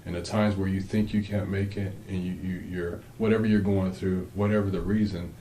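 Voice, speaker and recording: A man's voice: low-pitched, level tone, a little fast, warm tone, echoey room, a little hiss or hum, poor audio. A man co-hosting a faith-based marriage talk with his wife, speaking earnestly and rambling with frequent restarts. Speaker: co-host, husband.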